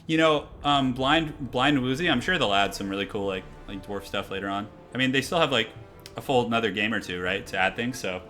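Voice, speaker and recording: Young male streamer, relaxed rambling chat, bright forceful tone, faint music behind. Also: mid-range voice, fairly quick. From half Irish heritage. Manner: laid-back, rambling, lots of fillers. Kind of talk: casual live-stream commentary.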